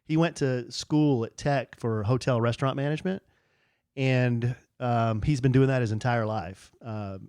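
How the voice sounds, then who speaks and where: A man's voice: mid-range voice, a little slow, smooth, dry recording, studio quality. A middle-aged man co-hosting a podcast, telling a long personal story in a rambling, casual way with fillers. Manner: rambling, restarts with fillers, animated when quoting friends. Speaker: podcast co-host.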